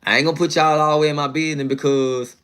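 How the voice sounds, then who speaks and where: A man's voice: a little high, steady tone, fast talker, fairly bright tone, clean tone. A man telling a long personal story in a casual, slangy, rambling way, often checking in with his listener. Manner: slangy, rambling, fond of "you know what I'm saying".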